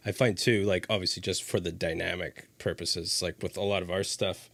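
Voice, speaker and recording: A Canadian man hosts a relaxed podcast chat, loose and enthusiastic, scattering likes and yeahs. His voice sits on the low side and comes across dry and close with little room sound. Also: normal speed, vocal fry, dry recording. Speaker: podcast host. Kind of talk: casual podcast conversation.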